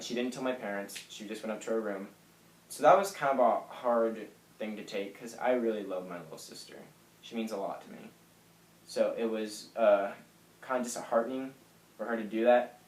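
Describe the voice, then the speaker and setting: A young man in his late teens telling a personal story to camera, soft and halting with lots of fillers. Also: on the low side. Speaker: vlogger. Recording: echoey room.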